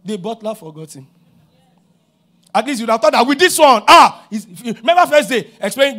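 A middle-aged man with a Nigerian accent, preaching a sermon as pastor, animated and acting out dialogue, rising to shouts. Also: very high voice, moderate pace.

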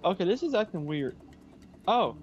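Teasing man with a lively voice. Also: high-pitched, normal speed, dull audio. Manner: playful, teasing, sing-song humming. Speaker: gaming guest. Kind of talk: casual game chat.

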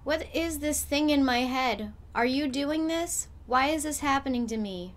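A woman's voice: high voice, animated, measured pace, pitched above the performer's own voice. A woman voicing a moody, anxious young woman cat in a video game, reading her lines in an unsettled, questioning way. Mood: uneasy.

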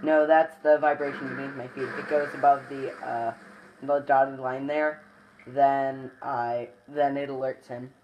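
A man's voice: medium pitch, little pitch movement, measured pace, dull audio. A man talks through his gameplay in a loose, joking way, repeating phrases for fun. Some faint noise sits under his voice. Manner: joking, chatty, playfully repetitive. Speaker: gameplay commentator. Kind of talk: casual let's-play commentary.

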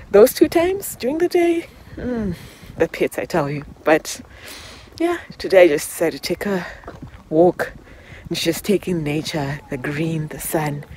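A woman's voice: sits low, slight background noise. A woman vlogger talking heart to heart while walking outdoors, emotional and rambling, sometimes laughing through tears. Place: outdoors on a walk in public.

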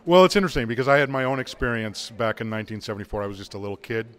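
A man's voice: mid-range voice, lively intonation, racing, smooth. A man from Boston, a film director, answering interview questions in a hesitant way. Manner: hesitant, many uh fillers.

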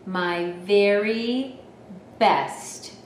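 A woman voicing a gentle male elephant in a storybook, reading slowly and with emphasis. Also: medium pitch, a little hiss or hum, pitched below the performer's own voice. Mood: wistful. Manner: slow, emphatic read-aloud delivery. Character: gentle male elephant, sad then glad. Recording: roomy, from a distance.

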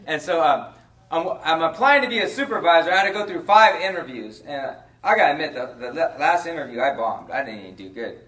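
A man preaching as a pastor in a conversational storytelling way, sometimes dropping quiet and slow. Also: fairly high pitch, lively intonation, far from the mic. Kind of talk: sermon. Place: church.

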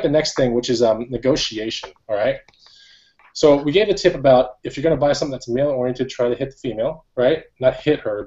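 A man hosts a relaxed chat show and talks quickly, with rapid words piling into loose, slangy rambles. His voice sits in a middle range and sounds dull and lo-fi. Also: medium pitch. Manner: fast, rambling, laid-back slang. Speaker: host. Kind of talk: casual chat.

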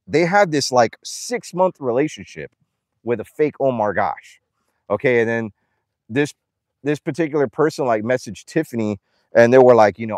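A man's voice: medium pitch, darkish tone, no echo, clean studio sound. A young man livestreaming casually outdoors at an animal ranch, reading donor names and talking to the animals. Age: young adult. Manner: chatty, reads donor names aloud, coos at animals.

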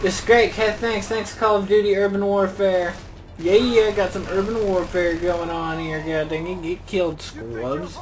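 A man's voice: sits high, steady tone, a little slow, music in the background, low-quality recording. Rambling young man narrating gameplay. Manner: rambling, jokey, exclaims and mutters to himself. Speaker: gaming channel host. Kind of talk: casual gameplay commentary.

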